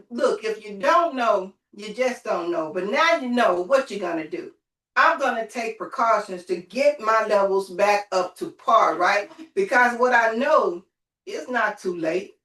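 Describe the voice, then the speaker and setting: Woman telling a lively story, far off. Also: on the high side. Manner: lively storytelling, calls on listeners. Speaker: group host. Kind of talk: motivational group call talk. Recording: roomy, from off the mic.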